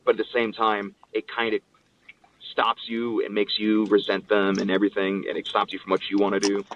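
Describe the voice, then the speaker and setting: A man's voice: lowish voice, brisk, a little hiss or hum. A man guest on an interview, telling stories casually and acting out what others said. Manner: animated storyteller acting out quotes. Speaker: guest, pro wrestler. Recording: distant, phone-like line.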